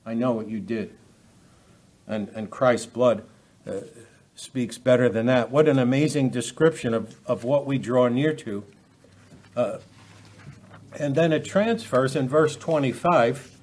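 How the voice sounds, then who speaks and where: A man preaching a verse-by-verse sermon at a middling pitch. He speaks off the cuff, often restarting phrases and asking his listeners rhetorical questions. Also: measured pace, a little mellow. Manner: unscripted, many restarts, asks the audience rhetorical questions. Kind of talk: expository sermon.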